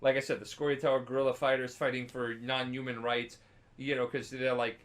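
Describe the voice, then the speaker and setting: A man, drunk, telling a video game plot in a rambling, swearing way and shouting out the lines of its characters. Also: medium pitch, level tone, a little fast. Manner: rambling, swears a lot, acts out characters in loud voices. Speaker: podcast co-host explaining a video game. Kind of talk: casual drunk storytelling.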